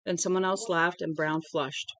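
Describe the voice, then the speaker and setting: A woman's voice: lowish voice, steady tone, normal speed, a bit bright, no room sound. A woman casually reading a novel aloud at home, now and then stumbling over words and correcting herself. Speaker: storybook reader.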